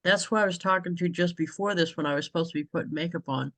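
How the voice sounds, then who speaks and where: A woman's voice: fairly low pitch, fast, no echo. A woman from New England hosting a casual video-call chat, talking freely and laughing often. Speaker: host.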